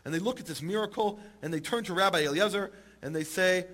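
A man telling a religious story to an audience, animated and rising at the climaxes. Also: high voice, fast talker. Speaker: speaker. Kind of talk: storytelling sermon.

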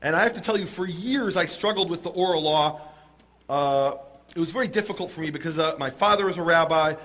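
Man telling an old story with lots of life, high bright voice. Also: brisk. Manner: animated, amused storytelling. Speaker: speaker. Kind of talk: storytelling talk.

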